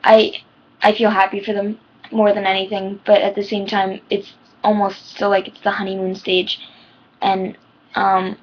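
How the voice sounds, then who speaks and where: A teenage girl vlogger gives personal advice in a rambling, heartfelt way, full of ums, her medium-pitched voice shaking near tears. The recording is muffled.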